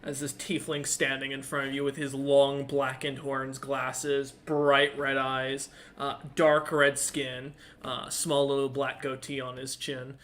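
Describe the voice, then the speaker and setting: Bright-voiced man narrating a tabletop game. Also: mid-range voice, monotone, a little slow, hardly any pauses, a little hiss or hum. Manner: casual, hesitant, many fillers. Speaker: game master.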